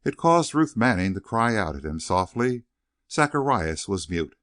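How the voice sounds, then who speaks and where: Low, expressive male audiobook narrator. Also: normal speed, dry recording, clean studio sound. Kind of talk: scripted narration of a western novel.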